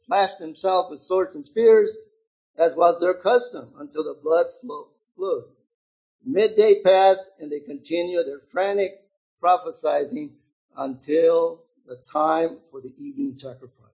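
A man in his seventies preaching a sermon, reading scripture aloud with loud emphatic stretches and quiet, low asides to his listeners. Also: measured pace, vocal fry, husky, lo-fi sound. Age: 70s.

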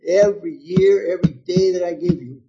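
Older male preacher in his 70s, husky and unhurried, slightly high voice, muffled lo-fi recording; shifts from loud scripture reading to hushed asides. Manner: swings between loud emphatic reading and quiet asides. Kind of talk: sermon reading and explaining scripture.

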